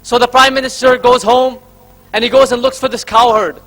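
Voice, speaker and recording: High bright-voiced man giving a speech. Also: fairly even intonation, fairly quick. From Karnataka, India. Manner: rhetorical, addresses the audience as friends, counts off points. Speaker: speaker at a convention. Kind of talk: public speech with storytelling. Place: convention hall stage.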